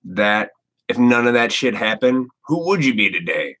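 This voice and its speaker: A man's voice: mid-range voice, big pitch swings, normal speed, a bit bright. A man of thirty-four hosting a live stream, talking casually in a blunt, profane, rambling way. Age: 30s. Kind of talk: casual ranting monologue.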